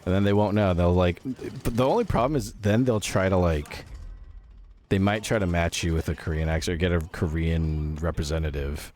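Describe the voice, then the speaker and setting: A man's voice: low-pitched, normal speed, a little mellow. A male streamer chatting casually while playing a game, laughing often and swearing freely. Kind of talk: casual gaming commentary.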